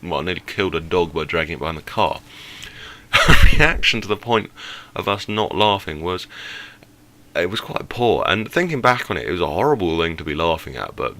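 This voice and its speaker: A man's voice: sits low, wildly swooping pitch, moderate pace, bright, forceful tone. A young man telling a story casually over gameplay, rambling, with many fillers and self-corrections. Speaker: gaming channel host.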